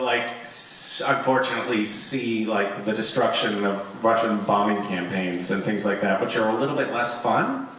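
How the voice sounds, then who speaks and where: A man's voice: on the low side, a little hiss or hum. Man rambling in an echoey convention hall. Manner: rambling, self-mocking, animated when telling stories. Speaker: convention panel guest. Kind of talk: casual Q&A storytelling. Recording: echoey hall, taped from far off.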